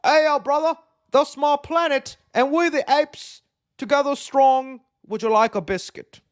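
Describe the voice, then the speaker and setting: A man doing a hammy, high-voiced foreign ape. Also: unhurried. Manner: high, hammy, funny-accent voice. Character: goofy male ape from abroad, boastful.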